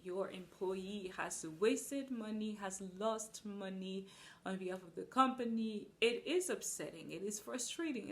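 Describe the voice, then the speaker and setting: A woman preaching a sermon, earnest and emphatic, acting out little asides. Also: mid-range voice.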